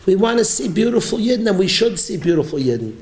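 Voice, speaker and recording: A man giving a sermon as a rabbi, preaching emphatically and with animated, rising exclamations. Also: sits high, fast talker. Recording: roomy echo.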